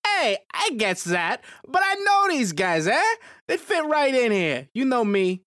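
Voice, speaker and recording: A woman's voice: on the high side, sing-song, measured pace, a bit bright, dry recording, clean studio sound, voice pushed up. A woman doing a brash Italian mobster. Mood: swaggering. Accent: put-on Italian. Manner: swaggering, persuasive. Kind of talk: improvised comedy skit.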